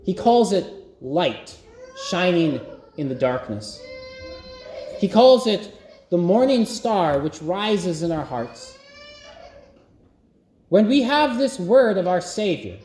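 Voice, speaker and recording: A man preaching a sermon as pastor, slow and emphatic with long pauses. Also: high-pitched, sing-song, darkish tone, echoey room, a little hiss or hum.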